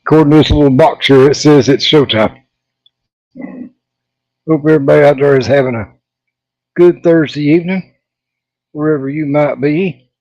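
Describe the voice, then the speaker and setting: A man's voice: a little high, steady tone, moderate pace, long pauses, darkish tone, dry recording, lo-fi sound. A man hosting a casual hobby livestream, out of breath, greeting viewers by name with lots of fillers.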